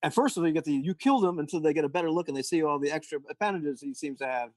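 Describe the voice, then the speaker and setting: Guy running a tabletop game, kinda rambly, lots of restarts, slightly high voice. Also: racing, dry recording, poor audio. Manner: rambling, full of restarts and "you know". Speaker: game master.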